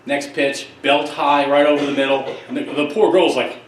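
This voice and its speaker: A middle-aged man giving a conference keynote, telling stories in an emphatic, lively way with quick asides. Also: on the high side, slight background noise. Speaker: keynote speaker, psychologist. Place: conference hall. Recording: echoey hall, distant mic, faint ambience.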